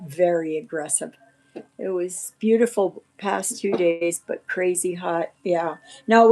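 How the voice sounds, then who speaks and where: A woman's voice: fairly low pitch, a little mellow. A woman hosting a casual livestream, rambling in a shaken, indignant way. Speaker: livestream host.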